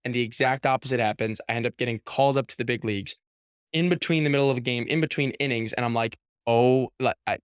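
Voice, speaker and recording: A young man in his twenties, a guest on an interview show, telling a story in a casual, animated way with lots of "like" and acted-out quotes. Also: mid-range voice, quick pace, clean tone, no room sound, studio quality. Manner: animated storyteller, heavy use of "like", acts out quotes. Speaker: professional baseball pitcher, guest.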